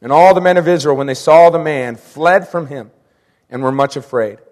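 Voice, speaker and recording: A man's voice: a little high, moderate pace, darkish tone, big-room sound. A man preaching a sermon, reading scripture and repeating his key lines with emphasis, sometimes acting out the people he quotes.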